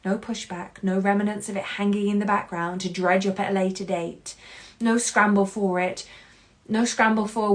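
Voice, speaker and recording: Woman doing a solo podcast, earnest and emotional, medium pitch, gets loud then quiet. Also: a little slow. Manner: earnest, heartfelt and expressive, with swings between loud and hushed. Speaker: podcast host.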